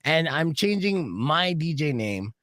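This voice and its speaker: Lively radio host man, animated storyteller. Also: on the high side, a little slow, dry recording, studio quality. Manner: animated storyteller, mimics voices. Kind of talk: morning radio banter. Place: radio studio. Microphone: studio broadcast mic.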